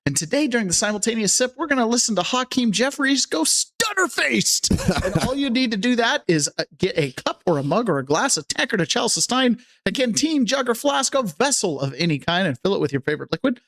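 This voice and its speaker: A man's voice: very high-pitched, a little fast, hardly any pauses. A man hosting a casual political talk podcast, joking and sarcastic as he greets viewers in the chat. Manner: animated, joking, sarcastic, reads chat aloud. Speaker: podcast host.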